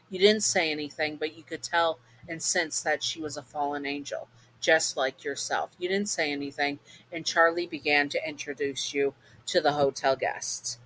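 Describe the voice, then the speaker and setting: A woman narrates a fan story straight to the listener in a relaxed, chatty way. Her voice sits on the lower side for a woman. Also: poor audio. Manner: casual, chatty. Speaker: storyteller, channel host. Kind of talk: second-person storytelling.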